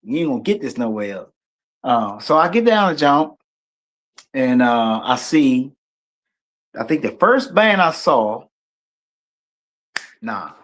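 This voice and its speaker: A man's voice: medium pitch, slow pace, long pauses. A middle-aged man with a Washington D.C. accent, telling stories as a guest in a casual, slang-heavy interview and acting out the voices he quotes. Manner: animated, acts out quoted voices, loose slang-heavy talk. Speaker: guest musician.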